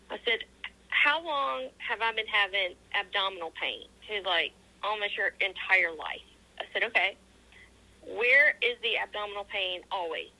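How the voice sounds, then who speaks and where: A woman's voice: mid-range voice, creaky, bright, forceful tone, low-quality recording. A woman answering interview questions, telling a personal story in a casual, earnest way with many ums and acted-out quoted dialogue. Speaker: interview guest.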